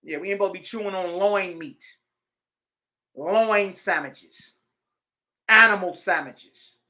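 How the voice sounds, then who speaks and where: A man's voice: high-pitched, measured pace, sharp tone. A man, teaching a religious lesson in a conversational, emphatic preaching style, reading passages aloud and commenting on them. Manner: emphatic, conversational preaching with call-outs to listeners.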